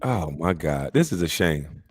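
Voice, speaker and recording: A man's voice: very deep voice, expressive, unhurried, breathy edge, soft background music. A man hosting a casual commentary show, reacting to clips in an indignant, mocking way.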